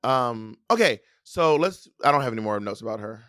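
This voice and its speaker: A man co-hosting a casual chat, animated, profane and giggly. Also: mid-range voice, a little fast, no room sound, studio quality. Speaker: co-host. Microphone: desk mic at a computer, streaming live.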